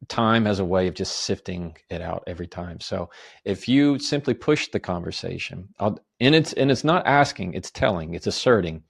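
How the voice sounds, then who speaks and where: A man, an attorney and author, calmly explaining communication advice on a podcast in a measured, step-by-step way. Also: low voice, gravelly, husky. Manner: calm, measured, lists steps and gives example phrases.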